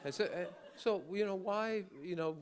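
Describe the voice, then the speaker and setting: A man's voice: high voice, normal speed, a faint crowd, a little hiss or hum. An older man giving an award acceptance speech, telling an anecdote with dry, wry humor. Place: large banquet hall with an audience.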